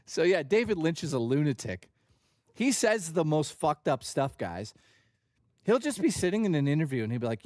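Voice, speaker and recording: A man's voice: a little high, very animated, moderate pace, darkish tone, no echo, clean studio sound. A man hosting a livestream, talking in a casual, jokey and profane way. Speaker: livestream host.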